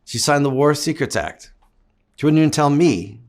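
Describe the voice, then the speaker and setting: A man's voice: on the high side, animated, moderate pace. A middle-aged man from Canada, an actor giving long, reflective interview answers. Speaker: actor guest.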